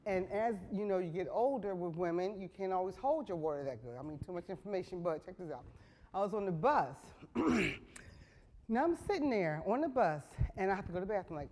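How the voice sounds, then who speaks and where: Frank, earthy woman host telling a story. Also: mid-range voice. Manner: frank, earthy, builds to loud excited bursts. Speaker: talk show host. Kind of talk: comic storytelling monologue.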